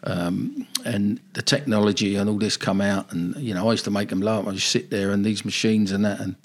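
A man's voice: fairly low pitch, fairly quick. An older man, a football manager telling rambling, nostalgic stories in a casual interview.

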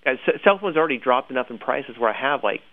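Man, gravelly voice, opinionated chat co-host, phone-thin sound. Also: mid-range voice, fast talker. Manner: animated, opinionated, laughs often. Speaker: podcast co-host. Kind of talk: casual news chat. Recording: tinny phone-line audio.

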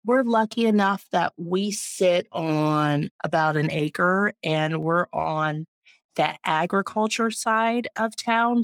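A woman in her thirties, a guest, chatting proudly and warmly about her homestead and her family. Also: low voice, no room sound, studio quality. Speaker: guest, urban homesteader and mom. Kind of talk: casual interview chat.

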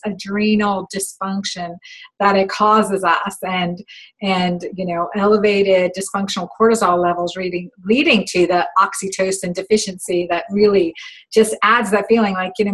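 A woman with a mid-pitched voice hosts a casual interview. She is a physician and talks thoughtfully, building on her guest's points. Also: fairly bright tone, poor audio. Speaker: host and hormone-prescribing physician.

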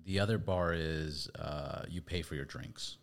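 A man hosting a podcast, telling a story in a chatty, halting way and acting out voices. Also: very deep voice, gravelly. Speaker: podcast host. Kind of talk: casual storytelling.

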